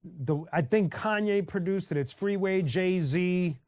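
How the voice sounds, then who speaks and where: A man's voice: high voice, slow, darkish tone, no room sound, studio quality. A man hosting a casual livestream, talking loosely with lots of fillers and restarts and greeting chatters by name. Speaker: livestream host reading chat. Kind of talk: casual chat.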